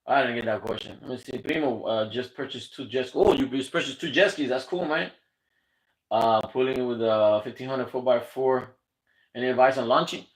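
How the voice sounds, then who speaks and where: A man's voice: mid-range voice, normal speed, poor audio. A man hosting a casual livestream Q&A about boating, rambling and chatty as he answers viewers' messages. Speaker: boating channel host. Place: South Florida.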